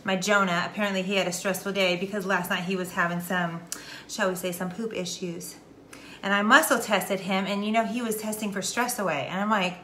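With a brisk, fairly bright mid-range voice and fairly even intonation, a wellness vlogger from Texas addresses her followers directly. This middle-aged woman is casual yet emphatic and preachy, hammering her key points again and again; the room echoes, with faint noise.

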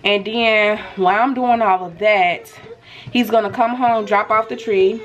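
Animated woman telling a story at home. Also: medium pitch, a little slow, lo-fi sound. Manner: animated storytelling, lots of slang and cursing. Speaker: vlogger. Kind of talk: casual story time to camera. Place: home, indoors.

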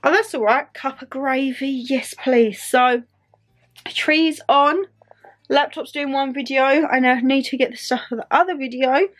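A young Northern English vlogger talks casually at home, chatty and giggly, poking fun at herself. She speaks a little slowly in a voice that sits high.

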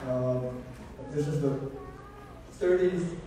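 A man with a Korean accent, a visiting gospel singer, speaking slow, halting English to a congregation. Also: on the high side, heavy background noise. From South Korea. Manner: halting, slow, careful non-native English. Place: large church sanctuary before a congregation. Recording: echoey church hall, distant mic, crowd.

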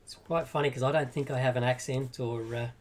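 An Australian man joining a live stream for some relaxed, casual banter. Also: mid-range voice, fast. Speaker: guest caller. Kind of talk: casual chat.

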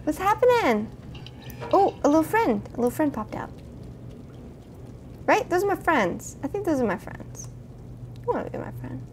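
A woman playing a spooky video game, chatting to her viewers in a jumpy, excitable way. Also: high-pitched, moderate pace, long pauses, slight background noise. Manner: jumpy, chatty, talks to viewers, frequent gasps and exclamations. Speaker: gaming video host. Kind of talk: let's play commentary.

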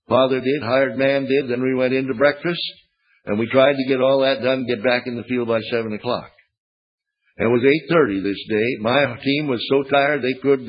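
Older preacher on a dull old tape. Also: male voice, mid-range voice, breathy edge. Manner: folksy storytelling, plainspoken humor. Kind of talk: sermon with storytelling. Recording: dull lo-fi archival sermon tape.

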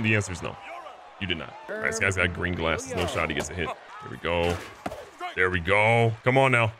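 A man giving casual, excitable gameplay commentary, joking at himself and talking to his players. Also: deep voice, fast talker, noisy background. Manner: excitable, self-mocking, talks to the players. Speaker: gaming video host.

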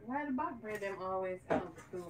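A woman's voice: mid-range voice, animated, a little fast. A woman with a Jamaican accent hosting a live home cooking show, joking and giggling in casual chat. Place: home kitchen.

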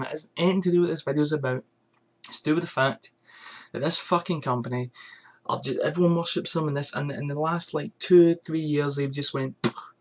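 A man ranting angrily on his vlog about a perfume brand, swearing often and firing off rhetorical questions. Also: medium pitch. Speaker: fragrance reviewer.

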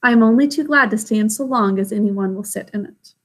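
Wise gentle grandmother queen, read by a woman. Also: medium pitch, brisk, lightly acted. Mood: tender. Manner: tender, reassuring.

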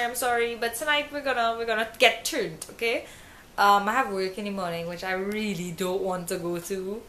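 A woman's voice: mid-range voice, pushed and bright. Chatty young woman vlogging. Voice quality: self-described pompous-sounding accent. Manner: chatty, rambling, many ums and trailing restarts. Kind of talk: casual chat to camera. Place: living room at home. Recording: roomy room with faint background noise.

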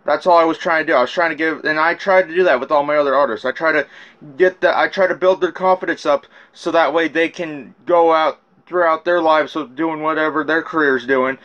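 A man recounts messages from a rap feud, telling his side in a rambling, profane rant and often restarting his sentences. His voice is slightly high, slightly fast and a bit bright, and the audio has its highs cut off.

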